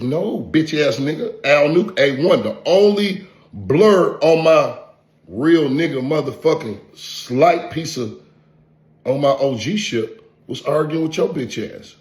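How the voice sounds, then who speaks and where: A man's voice: a little high, lively intonation, unhurried, darkish tone. A man, an online content creator, delivering a profane, taunting vlog rant full of repeated insults. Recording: roomy echo.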